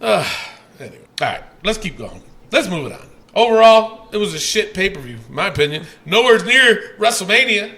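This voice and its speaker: Loud cussing podcast guy, high bouncy voice, kinda gravelly. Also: very animated, brisk. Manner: loud, profane, laughing, reads listener comments. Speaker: podcast host. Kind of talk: casual podcast chat.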